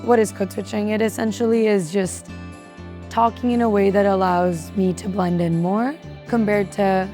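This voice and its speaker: A woman's voice: medium pitch, fairly even intonation, moderate pace, warm tone, soft background music. A young woman from India in her twenties, speaking candidly and reflectively as an international student in an interview. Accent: American-leaning with Indian undertones. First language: Indian English speaker. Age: 20s. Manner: candid, reflective, casual fillers. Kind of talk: interview testimony.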